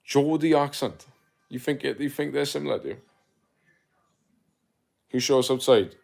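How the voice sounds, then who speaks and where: A young man from South Wales with a South Welsh accent chats casually on a live stream, reading viewer comments aloud and answering with slang like "mate" and "my guy." His mid-range voice is a little slow with vocal fry, and he comes across relaxed and chatty.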